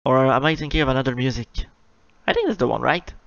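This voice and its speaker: A young man hosting a casual live question-and-answer stream. He reads viewers' questions out loud and answers them in a chatty, self-mocking way. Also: mid-range voice, animated, fast, gravelly, dry recording. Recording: slightly dull lo-fi mic, dry.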